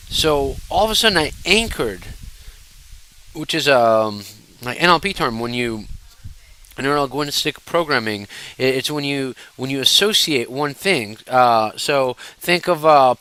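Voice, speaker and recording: A man telling personal stories casually to camera, animated and digressive, often turning to address his viewers directly. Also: mid-range voice, poor audio. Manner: fidgety while talking. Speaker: storyteller.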